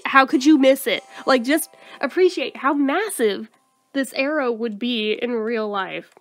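A woman riffing on a game as she plays, sarcastic and profane, with a high voice. She mocks the game freely and laughs a lot. Faint game music plays behind her. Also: unhurried. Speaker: gaming video host. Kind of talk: let's play commentary.

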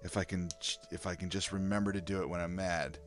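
Deep-voiced man reacting to advice. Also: flat delivery, fast talker, faint music behind. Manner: reads advice aloud then comments candidly, with sighs and laughs. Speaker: vlogger. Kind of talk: casual self-help video reading and reacting.

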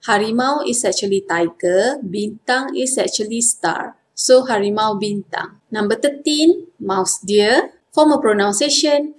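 A woman from Malaysia with a Malaysian accent, teaching vocabulary and saying each word slowly and carefully, again and again. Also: on the high side, slight background noise. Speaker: language teacher. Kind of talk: vocabulary lesson with repeated words.

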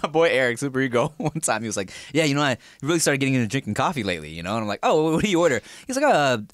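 A man's voice: medium pitch, big pitch swings, no echo, studio quality. A man co-hosting a comedy podcast who jokes and riffs, mimicking other people. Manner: joking, quick to riff and mimic. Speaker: podcast co-host. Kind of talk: casual comedy podcast chat.

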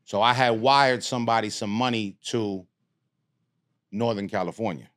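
Talking at normal speed in a voice on the low side, a middle-aged man recounts a story as a guest on a casual podcast, animated, streetwise and profane throughout.

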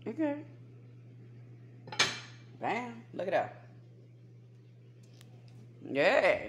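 A woman in a casual home remedy vlog, chatty and folksy, calling viewers baby and y'all, slowing down whenever she reads from her notes. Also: deep voice, big pitch swings, bright, forceful tone. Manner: slows down when reading from notes. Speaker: holistic healer vlogger. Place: home kitchen and backyard garden.

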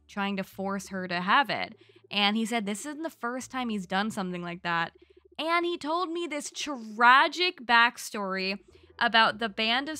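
Bright, chatty young woman gamer. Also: a little high, no room sound. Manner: chatty, gushing, animated storytelling. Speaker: gaming YouTuber. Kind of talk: narrated gameplay recap.

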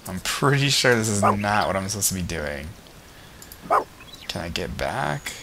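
A let's play gamer with a low, sing-song voice and a sharp tone talks a little slowly as game music plays, with a bit of hiss or hum. He gives casual commentary, chatty and self-deprecating, and talks to the characters on screen.

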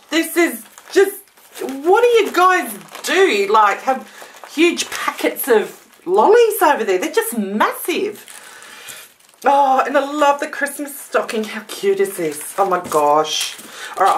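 A woman chatting casually to camera while unboxing a gift parcel, gushing and gasping with excitement. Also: a little high, a little hiss or hum. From Australia. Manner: gushing, gasping, many exclamations. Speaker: vlogger.

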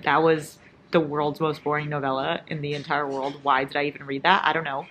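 A woman's voice: deep voice, little pitch movement, a little fast, fairly bright tone, lo-fi sound, a little hiss or hum. A young woman vlogging about her reading at home, talking casually and dramatically, gushing and swearing as she reacts. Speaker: book vlogger.

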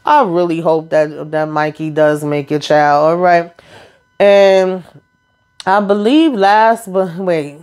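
A woman's voice: lowish voice, fairly even intonation, takes it slowly, darkish tone. A woman casually recapping a reality TV episode for her viewers, chatty and slangy, with sassy asides to the audience. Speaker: TV recap YouTuber.

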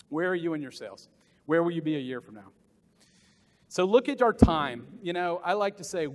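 A middle-aged man from the American South giving a motivational sales talk at a conference, animated and jokey, acting out voices for the people he quotes. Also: high-pitched, normal speed. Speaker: keynote sales speaker. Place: large conference hall. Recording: long hall reverb.

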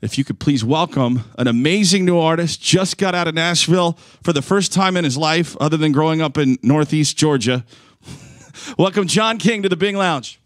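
A man's voice: fairly high pitch, normal speed, dry recording, clean studio sound. A man, a radio host, giving an upbeat introduction to a live guest.

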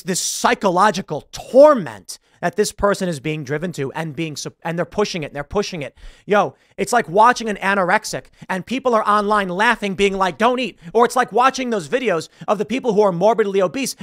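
A man's voice: sits high, expressive, a little fast, a bit bright, no echo, studio quality. A male show host giving emphatic, agitated political commentary.

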